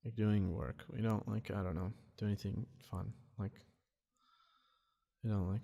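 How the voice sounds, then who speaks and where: A young man hosting a solo podcast, rambling in a frustrated, profane way with many restarts, talking quietly in a dark room. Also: fairly low pitch, steady tone, normal speed, creaky, long pauses, slightly rough, muffled recording. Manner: tends to talk quiet. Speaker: podcast host.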